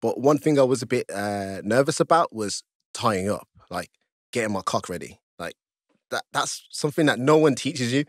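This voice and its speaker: A man guest on a podcast, telling a story in casual chat, laughing often and jumping high in pitch as he acts out his own panic. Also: animated, moderate pace, dry recording, studio quality. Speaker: podcast guest, stripper and fighter.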